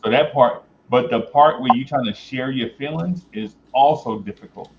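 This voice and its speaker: A man hosting a casual talk show, rambling and thinking aloud with many pauses and fillers. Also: mid-range voice. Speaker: host. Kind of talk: casual chat. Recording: slightly dull, faintly noisy.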